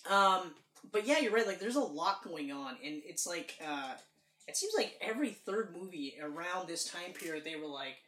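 A woman's voice: on the low side, animated, moderate pace, fairly bright tone. A woman co-hosting a casual movie review chat, ranting animatedly and acting out characters' lines. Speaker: podcast co-host. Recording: echoey room.

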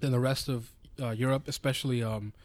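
Fast-talking New man, animated. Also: mid-range voice, dry recording. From New York. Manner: animated storyteller, swears freely. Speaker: podcast co-host. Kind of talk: casual chat.

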